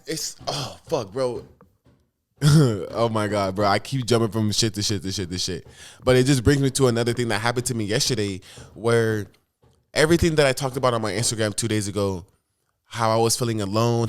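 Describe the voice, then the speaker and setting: A young man rambling through a personal story in a casual vlog, swearing often and jumping between thoughts. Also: on the low side. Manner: rambling, profane, restless storytelling. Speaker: vlogger.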